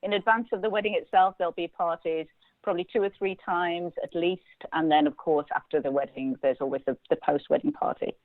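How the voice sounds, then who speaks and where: A woman, a psychologist guest, answering interview questions in an articulate, quick and good-humoured way over a remote call. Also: on the low side, fairly even intonation, dry recording. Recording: tinny phone-line call.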